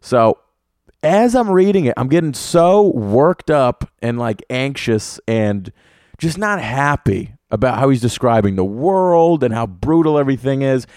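A man's voice: medium pitch, no room sound. A young man hosting a solo podcast, telling a rambling comedic story full of swearing in a close, dry sound. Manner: profane, animated storytelling with lots of swearing. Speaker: podcast host. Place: room with an air conditioner.

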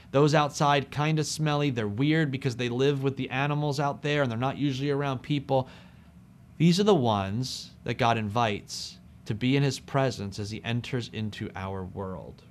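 A man preaching a sermon, speaking expressively and with emphasis, dropping soft on key phrases. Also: medium pitch.

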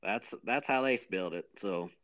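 A man's voice: on the low side, moderate pace, a bit bright. Joking man hosting a podcast. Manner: joking, rambling, self-mocking. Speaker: podcast co-host. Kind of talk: casual chat.

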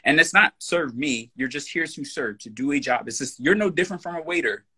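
A man's voice: fairly high pitch, lively intonation, brisk, pushed and bright, slightly rough. A man speaking as a guest in a casual podcast conversation, emphatic, blunt and profane. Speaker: personal trainer.

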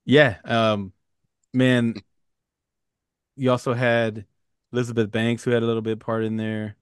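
A man's voice: mid-range voice, level tone, unhurried, smooth, no room sound, studio quality. Laughing man quoting movie lines. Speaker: podcast co-host. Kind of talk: casual movie discussion.

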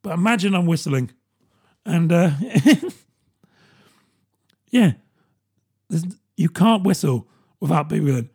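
A man's voice: a little high, expressive, slow, gravelly, long pauses, darkish tone, breathy edge. A British man in his thirties, rambling and self-mocking in a casual comedic monologue, laughing often. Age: 30s.

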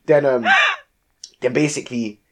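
A young man, telling a story in casual podcast chat and acting out his own shouted lines with lots of slang. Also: mid-range voice, steady tone, moderate pace. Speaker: podcast co-host.

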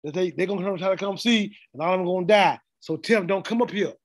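A man's voice: sits high, quick pace. A middle-aged man preaching a blunt, informal sermon and laughing often as he speaks. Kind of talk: street sermon.

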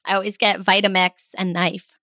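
A woman's voice: mid-range voice, little pitch movement, moderate pace, bright, forceful tone, no echo, studio quality. A woman hosting a podcast, chatty and teasing in casual conversation. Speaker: podcast host.

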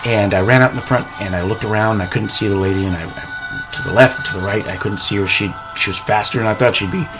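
A man telling a long comic story in a rambling, deadpan way, building up to a prank punchline. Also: fairly low pitch, fast talker, music in the background, poor audio.

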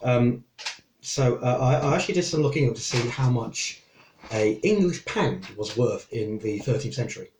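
A man's voice: mid-range voice, lively intonation, normal speed, darkish tone. A man playing a tabletop game, rambling with many hesitations and restarts as he explains. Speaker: player. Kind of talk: casual chat at a game table. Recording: echoey room with faint noise.

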